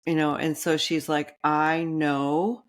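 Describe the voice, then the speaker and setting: A woman business coach chatting casually on a podcast, rambling with quick restarts and asides. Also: low-pitched, flat delivery.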